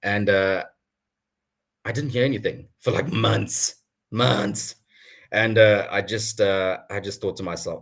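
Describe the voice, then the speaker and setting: Lively man, low voice. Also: slow pace, vocal fry. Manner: animated storytelling, chuckles often. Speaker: guest speaker. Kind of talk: personal career story at an online town hall.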